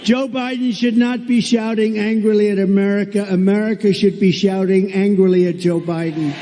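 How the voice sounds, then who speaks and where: A man's voice: high voice, fairly even intonation, moderate pace, dark tone, slight background noise. A man giving a rally speech in a blunt, repetitive, sarcastic manner. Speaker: political candidate at a rally. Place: large rally venue. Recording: long reverb of a large hall.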